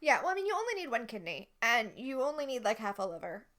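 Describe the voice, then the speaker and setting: A woman co-hosts a casual podcast, recapping a TV episode. She is chatty and wry, with a bright, slightly high voice. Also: sing-song. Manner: chatty, wry and quick to critique. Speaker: podcast co-host.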